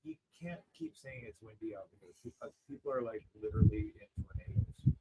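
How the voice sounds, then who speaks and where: Man teasing quietly from off-mic. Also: mid-range voice, expressive, fairly quick, rough recording. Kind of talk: casual remarks off to the side.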